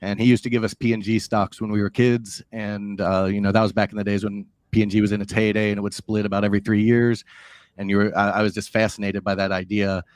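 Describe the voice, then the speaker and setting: A man appearing as a guest trader on an interview show, explaining his approach in a steady, earnest way. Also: on the low side, fast, dry recording. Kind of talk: interview answers.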